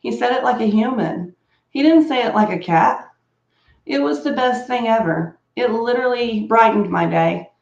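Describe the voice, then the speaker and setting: A woman's voice: on the high side, moderate pace, gravelly, a little mellow, echoey room, highs cut off. A woman chatting casually while getting ready at home, bubbly and rambling, laughing often and prone to coughing fits. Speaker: beauty vlogger. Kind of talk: casual chat.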